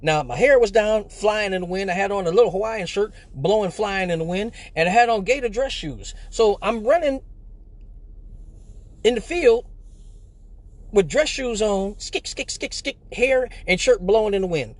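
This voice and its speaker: Man from Michigan, high-pitched, cussing his way through a casual live-stream story. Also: moderate pace, no room sound. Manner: profane, animated, slangy storyteller. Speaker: live show host.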